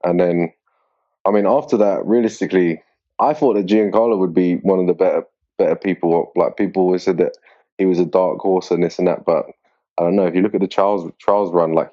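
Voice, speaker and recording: A man being interviewed as a grappling competitor, talking in a relaxed, rambling way with lots of fillers. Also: low voice. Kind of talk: casual interview chat. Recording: dull lo-fi sound.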